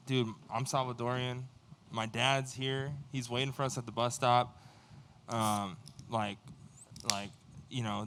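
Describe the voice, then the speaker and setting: A band member telling a story casually on a livestream, cursing freely and acting out what other people said. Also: male voice, medium pitch, slight background noise. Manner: animated, profane, acts out quoted dialogue.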